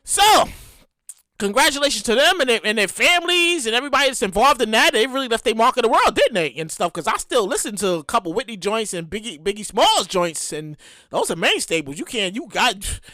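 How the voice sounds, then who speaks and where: Woman podcast host, high lively voice, bright tone, dry close sound, casual profane chatter. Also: fairly quick, dry recording. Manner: animated, profane, repeats herself and acts out quotes. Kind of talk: casual solo podcast commentary.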